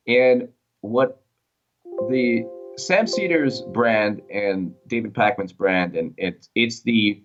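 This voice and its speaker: Male co-host on a political show, emphatic and opinionated, mid-pitched, dull lo-fi sound. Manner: emphatic, opinionated, repeats words. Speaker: show host or guest commentator. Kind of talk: political commentary chat. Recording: dull lo-fi audio.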